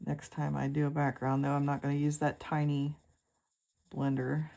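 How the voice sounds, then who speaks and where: A woman with a low voice guides a relaxed draw-with-me lesson. Her tone has a gravelly fry, and she talks unhurriedly, full of fillers and half-finished thoughts. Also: moderate pace. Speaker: art tutor.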